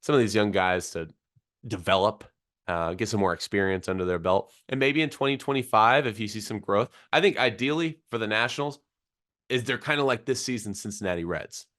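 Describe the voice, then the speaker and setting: A man's voice: on the low side, fairly bright tone. Man hosting a baseball podcast. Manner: conversational, quick stats rundown with fillers. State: voice recovering from illness. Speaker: podcast host. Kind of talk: solo sports podcast commentary.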